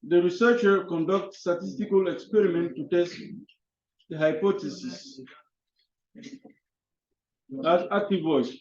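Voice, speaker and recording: A man teaching an English class, halting and often repeating his words. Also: high-pitched, darkish tone. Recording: echoey classroom, dull lo-fi sound.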